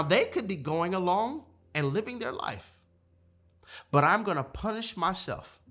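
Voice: medium pitch, bright, forceful tone. A preacher delivering a dramatic sermon, repeating key lines and rallying the congregation to join in.

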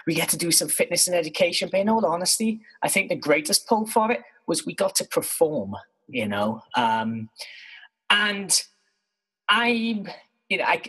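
Husky man telling stories animatedly. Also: on the high side, low-quality recording. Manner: animated, self-mocking, swears freely. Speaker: podcast co-host. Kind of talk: casual storytelling monologue. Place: his bedroom.

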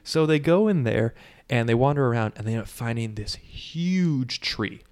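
A man recapping a film in casual chat, telling it with gusto and tossing in quick character voices. He swears freely as he goes. His voice sits in an ordinary middle pitch. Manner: animated storytelling, swearing, quick character impressions. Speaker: podcast co-host recapping a movie.

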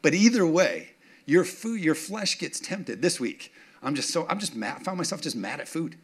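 A man's voice: fairly high pitch, moderate pace, husky. Humorous preaching man. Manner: humorous, self-mocking storytelling; animated, asks congregation for response. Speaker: pastor. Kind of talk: sermon.

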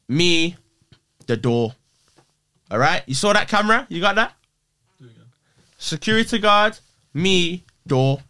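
A young man, a podcast guest, telling a story in casual chat, slangy and animated, swearing freely and checking that his listener is following. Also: mid-range voice. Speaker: podcast guest, prank creator.

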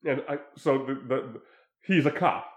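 A man's voice: mid-range voice, unhurried. Casual man retelling a film plot. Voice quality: profane, laughing, restarts. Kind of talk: casual film recap chat. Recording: echoey room.

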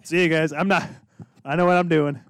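A man's voice: on the high side, fairly even intonation, a little fast, a bit bright, no room sound, clean studio sound. A young man co-hosting a sports podcast, joking around in casual chat. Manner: goofy, joking, wrestling references. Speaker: podcast co-host.

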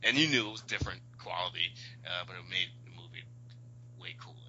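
Bright-voiced man, blunt podcast co-host. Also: sits low, quick pace, muffled recording, slight background noise. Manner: blunt, opinionated. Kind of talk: casual chat.

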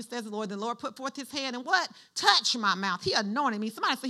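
A woman's voice: fairly high pitch, expressive, fairly quick, few pauses, sharp tone. A woman pastor preaching a sermon in church, using call-and-response and having the congregation finish her lines.

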